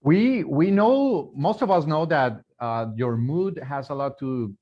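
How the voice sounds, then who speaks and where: Halting male interviewer on a dull line. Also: a little high, animated. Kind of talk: interview questions. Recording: dull lo-fi call audio.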